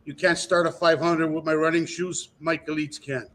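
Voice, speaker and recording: A man's voice: fairly high pitch, level tone, moderate pace, fairly bright tone, slight background noise. A man chatting casually about a bike he restored, telling stories in a boastful, salty way. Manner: boastful storyteller, swears freely. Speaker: guest restoring dirt bikes. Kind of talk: casual chat on a live video call.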